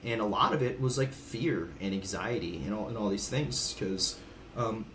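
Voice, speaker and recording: This fairly low-pitched man speaks at a moderate pace, his sound a bit bright, with slight background noise and an echoey room. He's a Hawaii native in his thirties and a seasoned podcast guest, sharing candid stories casually and frankly, cursing occasionally and voicing the people he quotes.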